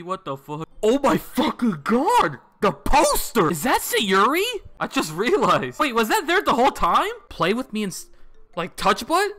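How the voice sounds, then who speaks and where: A young man playing a visual novel, reading its text aloud and breaking off into sudden, profane outbursts of surprise. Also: high voice. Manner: excitable, swears a lot, reads game text aloud then reacts with sudden shouts. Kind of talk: let's play commentary.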